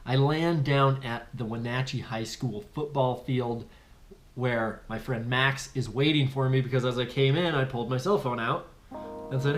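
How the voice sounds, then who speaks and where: A man narrating his own paragliding flight in a casual vlog voice-over, animated, swearing freely and calling his viewers folks. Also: medium pitch, moderate pace, faint music behind.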